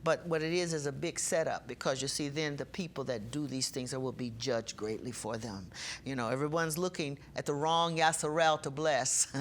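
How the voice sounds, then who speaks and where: A woman preaching a sermon with passion, slowing down and getting louder when she reads scripture. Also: rumbling low, slight background noise.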